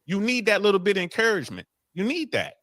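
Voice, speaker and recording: A man's voice: sits high, very animated, fast, a bit bright, no echo, clean studio sound. A man talking casually on a podcast panel, streetwise and full of filler phrases.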